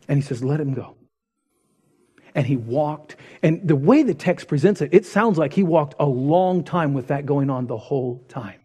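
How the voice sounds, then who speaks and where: Husky-voiced preacher, dramatic swings. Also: male voice, a little high, normal speed. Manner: dramatic, swings from loud retelling to hushed intensity. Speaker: pastor. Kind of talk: sermon.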